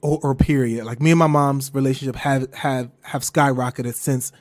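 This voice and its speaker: A young man hosting a podcast and telling a personal story in casual chat, swearing freely, laughing as he goes and jumping into a high falsetto when he quotes himself. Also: steady tone, moderate pace. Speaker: podcast host.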